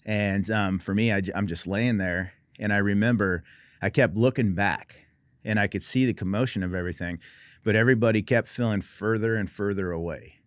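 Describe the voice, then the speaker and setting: A man's voice: on the low side, fairly quick, dry recording, studio quality. A middle-aged man from Oregon, a military veteran guest telling his story in a wry, understated, self-deprecating way. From Oregon, USA. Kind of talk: personal storytelling in conversation.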